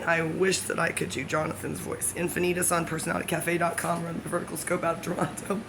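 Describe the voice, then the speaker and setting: Rambling woman with a gravelly voice. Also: fairly low pitch, little pitch movement, quick pace, few pauses, background noise. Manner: scattered, self-correcting, jokey asides. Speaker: vlogger. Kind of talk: rambling to-camera monologue.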